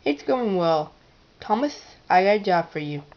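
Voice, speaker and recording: A woman's voice: mid-range voice, very animated, moderate pace, darkish tone, highs cut off. A woman doing a firm railway boss. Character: bossy railway controller, older man.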